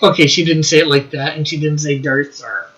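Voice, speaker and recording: A man's voice: fairly high pitch, flat delivery, a little fast, fairly bright tone, poor audio. A man co-hosting a casual livestream, joking around and reading viewer comments aloud. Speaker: co-host reading live chat.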